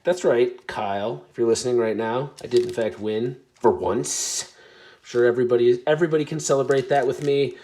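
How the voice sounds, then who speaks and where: A man casually chatting to his viewers while opening trading card packs, chatty and self-deprecating, with bursts of excitement. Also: mid-range voice, normal speed. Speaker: card pack opening vlogger. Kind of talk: casual pack-opening commentary.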